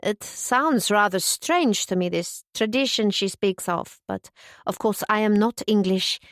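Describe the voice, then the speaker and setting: A woman's voice: mid-range voice, unhurried, no echo, lightly acted. Woman doing a careful, formal polish lady with a thick polish accent, dry close sound. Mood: puzzled. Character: Polish refugee woman, thoughtful and polite.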